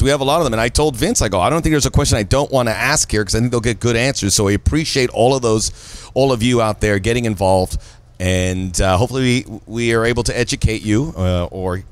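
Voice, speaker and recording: A middle-aged man co-hosting a casual podcast from an office building, with a jokey, upbeat delivery. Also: lowish voice. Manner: jokey, hypey intro delivery. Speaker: podcast co-host. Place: office building, top floor.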